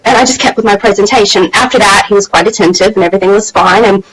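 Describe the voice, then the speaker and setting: A woman's voice: medium pitch, racing, slight background noise, poor audio. A woman hosting a motivational live stream, telling a personal story in a candid, chatty way with plenty of fillers. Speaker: host of a women's empowerment channel.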